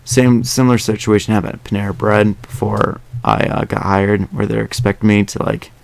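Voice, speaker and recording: Young male podcast host, low gravelly voice, dry close sound, chatty and meandering. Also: steady tone, moderate pace, no echo. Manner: rambling, many fillers and restarts. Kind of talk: casual podcast chat.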